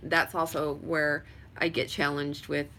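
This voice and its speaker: Bright-voiced chatty woman on a livestream. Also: sits low, level tone, a little slow, a little hiss or hum. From Hobbs, New Mexico. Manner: rambling, chatty, filler-heavy; answers viewer questions with frequent laughs. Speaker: vlogger. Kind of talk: casual livestream chat. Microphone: webcam or phone livestream.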